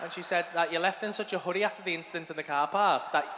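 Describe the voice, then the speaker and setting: A man's voice: fairly high pitch, very fast, bright, forceful tone. Fond, chatty wife, quoted by a male comic in his own voice; live club hall, noisy. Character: sweet affectionate wife, adult woman. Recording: reverberant club hall with crowd noise.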